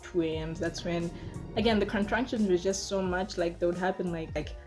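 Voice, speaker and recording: A woman in her twenties telling a personal story to camera in a casual, chatty way, full of fillers and lively re-enactments. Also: fairly low pitch, fairly quick, music in the background. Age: 20s. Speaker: vlogger.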